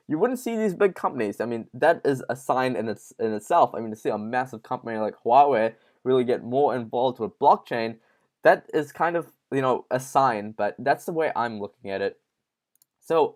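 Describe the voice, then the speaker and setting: A man's voice: mid-range voice, expressive, moderate pace, a little mellow. Casual male crypto news host. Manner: informal, addresses viewers as guys, many fillers.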